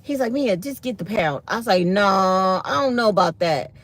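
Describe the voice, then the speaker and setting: A woman's voice: mid-range voice, normal speed. A middle-aged woman, hosting a live stream and chatting to viewers as she animatedly retells a conversation. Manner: chatty, animated retelling of dialogue, reads chat aloud. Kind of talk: casual storytelling to viewers.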